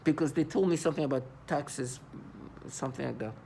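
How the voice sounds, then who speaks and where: A man's voice: fairly high pitch, fairly quick, vocal fry, warm tone, slight background noise. A man talking to the camera in an agitated monologue, often stammering and repeating words. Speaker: vlogger.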